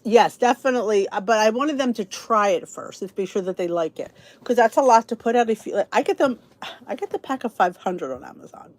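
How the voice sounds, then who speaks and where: A middle-aged podcast host from the Philadelphia area, Philly accent and all, chats casually and ramblingly to her viewers. Her voice is on the high side, expressive and a little fast, full of restarts and asides.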